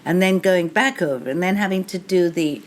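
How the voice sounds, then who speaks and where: A woman's voice: lowish voice, fairly quick. An older English woman, a guest author at a live bookshop event, telling stories in a wry, anecdotal way and laughing often. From England. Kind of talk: live interview storytelling. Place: bookshop event before an audience.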